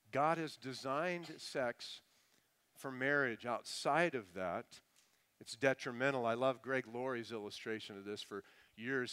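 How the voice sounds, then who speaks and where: A middle-aged man preaching to his congregation in a smooth, resonant voice of ordinary pitch. He swings from loud, emphatic lines to quiet, dropped asides. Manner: animated preaching with sudden swings from loud to hushed. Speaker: pastor. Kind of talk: sermon.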